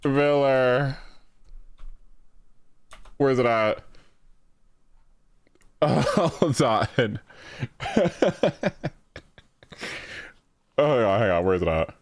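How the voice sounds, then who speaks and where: Lively, laughing male game streamer. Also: mid-range voice, drawn-out words, pauses often, no room sound. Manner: laughing, easily amused. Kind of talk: live game playthrough chat.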